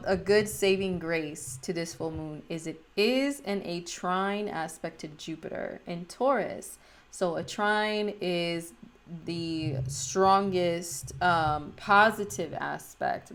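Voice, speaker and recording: Chatty slangy woman astrologer, lowish voice. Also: slow pace, creaky, a bit bright. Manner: chatty, slangy, laughs often. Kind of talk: casual astrology talk.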